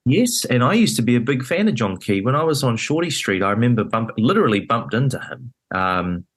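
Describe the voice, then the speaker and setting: A male podcast guest with a mid-range voice speaks fairly quickly in a sing-song manner during a heated political chat in the studio. He sounds emphatic and indignant and uses plenty of fillers.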